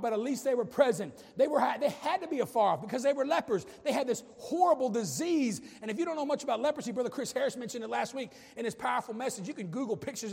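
A man's voice: very high voice, creaky, darkish tone, husky, in a large hall. A man preaching a sermon as a pastor, impassioned, with humorous asides.

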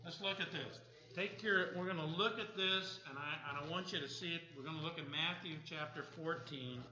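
High, bright-voiced preaching man. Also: reverberant, muffled recording. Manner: animated preaching, questioning the congregation. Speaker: pastor. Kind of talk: sermon.

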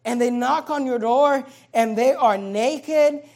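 A man's voice: extremely high pitch, slow pace, darkish tone. A male pastor preaching a sermon, reading scripture aloud and emphatically stretching out key words.

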